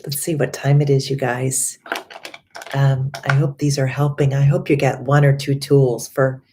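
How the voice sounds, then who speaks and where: Middle-aged woman coach leading affirmations, very low voice, flat and slow, soothing. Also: noisy background. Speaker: life coach and yoga teacher. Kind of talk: guided affirmations and breathing.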